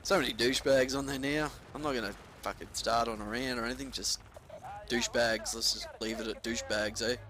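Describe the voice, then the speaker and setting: A man's voice: medium pitch, steady tone, brisk, a crowd in the background. A young man casually commentating over his gameplay at home, laid-back with frequent swearing and ranty asides.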